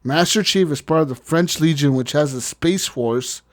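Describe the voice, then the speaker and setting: A man's voice: on the high side, moderate pace. Profane, ranting gaming podcast man. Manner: profane, joking rants. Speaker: podcast co-host. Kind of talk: casual gaming podcast chat.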